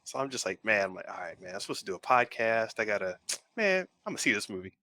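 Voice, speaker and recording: Fast and on the low side, this co-host's voice comes through with no room sound. He tells a rambling, animated story in casual chat on his pop culture podcast.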